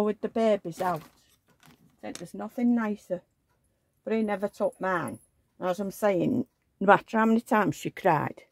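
A woman's voice: lowish voice, vocal fry, a little mellow, no room sound. An older woman, telling rambling, chatty stories on her vlog. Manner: rambling, chatty storytelling with asides. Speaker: vlogger. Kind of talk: casual chat.

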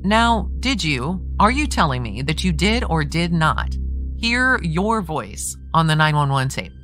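A persistent male defense attorney cross-examines a witness, read aloud by a woman. The voice sits low and keeps up steady pressure with leading, tag-ended questions. Faint music runs underneath. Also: unhurried, exaggerated voice. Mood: pressing. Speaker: true crime podcast host. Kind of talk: reading a trial transcript aloud.

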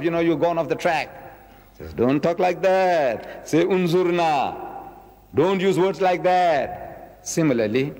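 A man in his seventies giving a public religious lecture, emphatic, repeating key words and slowing down to quote verses. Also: high voice, darkish tone, in a large hall. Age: 70s.

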